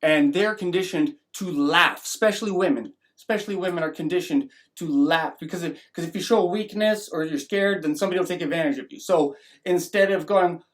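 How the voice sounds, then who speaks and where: A man's voice: on the high side, fairly quick. A man giving a rambling opinion monologue as a vlogger, often restarting and acting out mocking voices.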